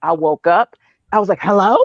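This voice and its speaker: A woman's voice: brisk, dry recording, dull audio. A woman from Oakland in her thirties, a podcast guest telling a long personal story with lots of laughter and quoted voices. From Oakland, California. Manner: animated, laughs often, acts out quotes in a high voice. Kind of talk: casual storytelling.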